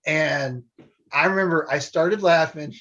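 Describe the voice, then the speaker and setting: A man's voice: fairly high pitch, measured pace, pushed and bright. Laughing man telling stories. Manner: laughing often while telling stories, Southern phrasing. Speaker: former theme park train show performer. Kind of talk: casual storytelling chat. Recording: dull lo-fi sound.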